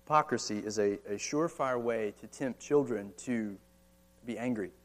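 An American pastor in his thirties preaches conversationally in a church or meeting hall, tossing in frequent rhetorical questions and casual asides. His voice is medium in pitch, and his pace is moderate.

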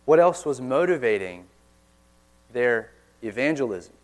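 A man preaching a sermon in church, earnest, pressing hard on key words and then dropping suddenly quiet. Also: medium pitch, expressive, measured pace. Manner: earnest, forceful emphasis with sudden quiet drops.

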